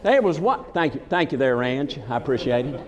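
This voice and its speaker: A man's voice: mid-range voice, big pitch swings, fairly quick. A man with a Southern US accent telling folksy comic stories to a live audience and teasing people in the crowd. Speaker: comedic entertainer. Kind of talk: stand-up storytelling in a folksy character. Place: large conference hall with a live audience. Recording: echoey hall.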